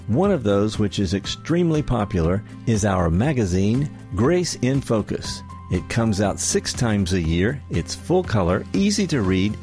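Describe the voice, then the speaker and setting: Lively low-voiced male announcer. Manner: upbeat, inviting. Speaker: radio announcer. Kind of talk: scripted promo reading. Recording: announcement over music.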